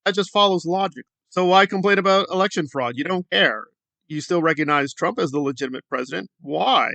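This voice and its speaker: A man's voice: on the high side, a little fast, vocal fry, sharp tone, no echo. A man hosting a commentary video, ranting in a sarcastic, exasperated way. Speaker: commentary channel host.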